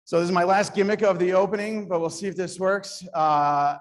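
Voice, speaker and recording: A man's voice: high voice, steady tone, a little fast. A man speaking to a live audience at a startup event in a conversational, self-deprecating way, with frequent restarts. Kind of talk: live conference talk.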